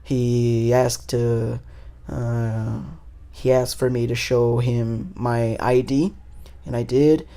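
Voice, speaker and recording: A man's voice: mid-range voice, little pitch movement, slow, mellow, smooth. A young man, a podcast host telling a story in loose, casual talk full of swearing and fillers. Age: 20s.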